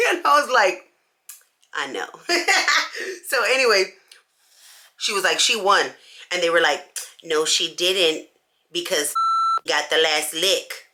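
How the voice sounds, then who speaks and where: A woman's voice: medium pitch, moderate pace. A woman vlogger telling a story in casual slang while she does her makeup, acting out each person's lines. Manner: animated, acts out everyone's lines in the story; casual slangy talk with many "like"s. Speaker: beauty vlogger.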